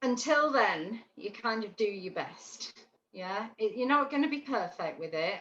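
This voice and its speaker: A woman teaching a dog training class over a video call, chatty and animated, often checking in with "yeah?". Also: medium pitch, a little slow. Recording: roomy, dull lo-fi call audio with faint noise.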